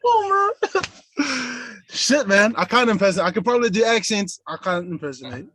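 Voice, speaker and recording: A man's voice: sits high, lively intonation, fast, a crowd in the background. A man from New Zealand, a voice actor and musician, chatting as a guest in a laid-back, sweary way. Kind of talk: casual interview chat.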